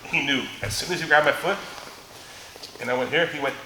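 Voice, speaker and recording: A man's voice: fairly high pitch, a little fast, background noise. A middle-aged man teaching a martial arts seminar, telling stories between moves, often laughing. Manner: joking storyteller, laughs often, demonstrates moves. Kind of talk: live teaching seminar with anecdotes. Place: large echoey training gym. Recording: echoey gym with faint ambience.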